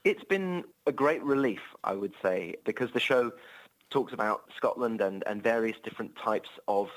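An English man speaks in a fairly low voice, chatting about his comedy tour. He talks in an amiable, rambling way, full of restarts and self-deprecating asides. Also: expressive, normal speed, poor audio. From England. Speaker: touring comedian.

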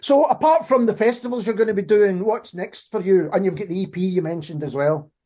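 A man's voice: high-pitched, fairly quick, warm tone. A man hosting a casual interview in an easygoing way, often stumbling over the first words of a phrase. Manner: easygoing, stammers at the start of phrases. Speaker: interview host.

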